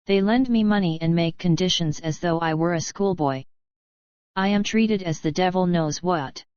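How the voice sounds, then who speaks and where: A woman's voice: on the low side, normal speed, darkish tone, clean tone, dry recording, dull audio, natural voice. A woman voicing an agitated, hysterical young male drunkard in an audiobook, with overwrought, pleading outbursts.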